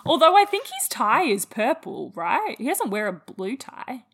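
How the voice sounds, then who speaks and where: A woman's voice: high voice, very animated, unhurried, fairly bright tone, breathy edge. A woman co-hosting a podcast, chatting and giggling, asking her co-host questions. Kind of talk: casual chat about anime.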